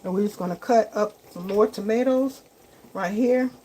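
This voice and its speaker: A woman's voice: mid-range voice, moderate pace, mellow, a little hiss or hum, rough recording. A woman hosting a casual live cooking stream in her home kitchen, chatting to viewers as y'all and tagging okay onto her lines. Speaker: cooking livestream host.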